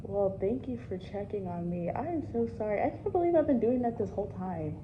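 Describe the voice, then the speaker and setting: A young woman chatting casually to the camera at her workplace, slangy and talkative, sometimes dropping to soft muttered asides. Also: mid-range voice, lively intonation, fairly quick, muffled recording. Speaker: vlogger at work. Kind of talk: casual vlog chat. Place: indoor workplace at opening time. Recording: noisy workplace background.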